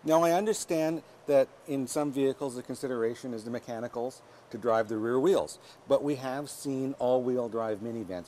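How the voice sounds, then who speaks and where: A man's voice: mid-range voice, moderate pace, hardly any pauses, warm tone, slight background noise. A man with a Canadian accent co-hosting a car review, explaining practical features with dry quips. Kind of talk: casual banter reviewing a vehicle.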